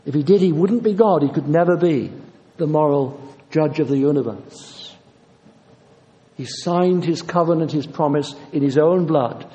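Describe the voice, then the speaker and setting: A man, preaching in a high voice with a mellow, warm tone. His delivery is earnest and insistent, and he hammers his points home by repeating them. A long reverb hangs on every word, as in a large church hall. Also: a little slow. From Yorkshire, England. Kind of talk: sermon.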